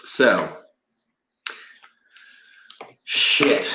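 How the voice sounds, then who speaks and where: A man's voice: medium pitch, measured pace, long pauses, sharp tone, echoey room, slight background noise, rough recording. A man doing oracle card readings on his own channel, talking in an emotional, rambling way and swearing a lot. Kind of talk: casual livestream rant and card reading.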